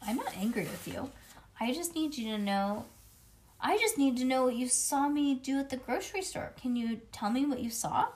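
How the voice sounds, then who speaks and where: A woman reading the lines of a kind, remorseful female schoolteacher who speaks softly. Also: sits high, expressive, normal speed, slight background noise, voice pushed up. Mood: gentle.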